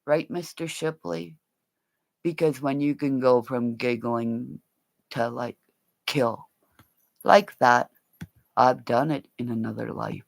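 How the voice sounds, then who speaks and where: A woman from Canada rambling through a livestream monologue, jumping between topics and bursting into shouts and silly rhymes. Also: a bass voice, takes it slowly, creaky, pauses often, dry recording. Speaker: vlogger.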